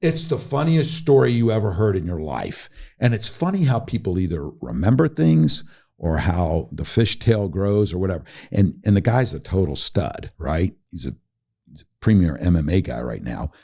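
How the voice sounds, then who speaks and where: A middle-aged man speaks as a podcast guest, his low voice swinging widely in pitch as he tells a story. He acts out the people he quotes and breaks into laughter along the way. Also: normal speed, vocal fry. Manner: animated, laughing while telling a story, acting out quoted voices. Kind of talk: casual storytelling.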